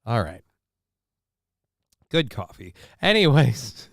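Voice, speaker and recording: A man's voice: medium pitch, expressive, moderate pace, bright, forceful tone, smooth, dry recording, studio quality. Sarcastic rambling male stream host. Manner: sarcastic, rambling asides, mock-indignant questions. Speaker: live-stream show host. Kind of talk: casual live-stream commentary.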